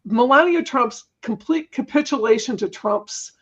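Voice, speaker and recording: A woman's voice: a little high, a little slow, breathy edge, highs cut off. A woman on a talk panel, arguing emphatically with apologetic asides. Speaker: panel guest. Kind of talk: casual panel chat.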